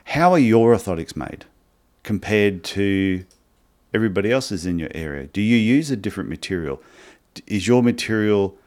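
An Australian man with a very low voice, chatting on a podcast. He tells stories in an easygoing, animated way and acts out the other people's lines as he goes. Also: moderate pace. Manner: animated anecdotes, acts out dialogue. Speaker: podcast co-host. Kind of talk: casual podcast chat, storytelling.

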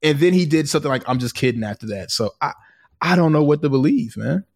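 Guy on a podcast just chatting, kinda high voice, goes up and down a lot, rambles. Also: animated, quick pace. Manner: earnest, rambling, with many fillers. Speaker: podcast co-host. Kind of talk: casual podcast chat.

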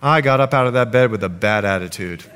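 A man's voice: fairly low pitch, quick pace, clear, resonant tone. A middle-aged man preaching a sermon as pastor, telling stories with acted-out quotes. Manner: storytelling with lively acted quotes.

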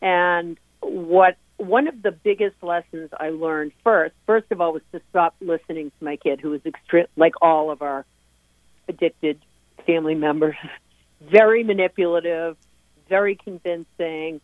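A woman's voice: on the low side, a little slow, dry recording. Earnest middle-aged woman on a phone line. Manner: earnest, emphatic, many restarts. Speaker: guest, parent of a recovering addict. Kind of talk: interview talk. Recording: tinny dry phone line.

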